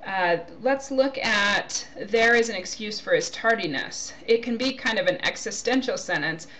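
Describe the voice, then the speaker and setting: A woman's voice: mid-range voice, animated, normal speed, sharp tone, slight background noise. A woman giving a recorded grammar lecture, explaining points through spoken example sentences and checking in with "okay?". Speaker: grammar teacher.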